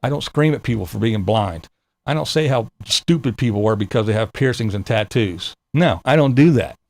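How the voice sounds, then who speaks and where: Gravelly, animated ranting man. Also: lowish voice, moderate pace, no room sound. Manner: profane, exasperated ranting. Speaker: channel host. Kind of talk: ranting vlog monologue.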